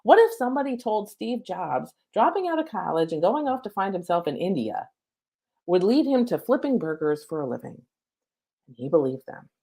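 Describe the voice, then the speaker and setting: A woman's voice: medium pitch, big pitch swings, normal speed, creaky, mellow, breathy edge. A middle-aged woman, a spiritual coach, giving a live-streamed lesson from home on her laptop mic, casual, chatty and cheerfully profane.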